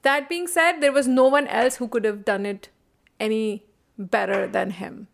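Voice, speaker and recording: A woman co-hosting a casual film review chat, animated and opinionated, laughing often. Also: fairly high pitch, a little slow, creaky, slight background noise. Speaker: podcast co-host.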